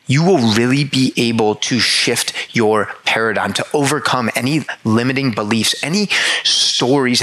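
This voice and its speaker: A man with a bright, forward voice speaks straight to his listeners in an earnest motivational monologue. He leans hard on repetition for emphasis and is heartfelt throughout. Now and then he drops a casual swear word into the sincerity. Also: mid-range voice, poor audio.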